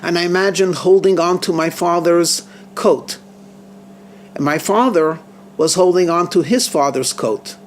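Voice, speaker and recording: A man speaking as a calm, devout old rabbi. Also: high voice, unhurried, slight background noise. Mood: reflective. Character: calm, devout older male rabbi, steadfast.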